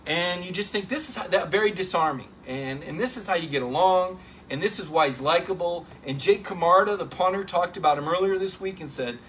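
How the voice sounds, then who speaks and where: Animated, high-voiced male sports talker. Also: a little fast, slight background noise. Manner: animated, emphatic, with frequent "right?" asides to listeners. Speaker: sports reporter and show host. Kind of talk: casual sports talk commentary.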